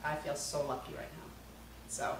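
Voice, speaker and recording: A woman unboxing an instrument in a casual vlog, gushing and excitable, laughing often. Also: normal speed. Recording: roomy, mic at a distance, background noise.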